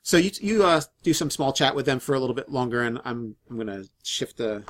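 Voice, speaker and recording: Male game master, mid-pitched, halting delivery full of fillers, narrating a tabletop session. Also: lively intonation, fairly bright tone. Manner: halting, many fillers and restarts.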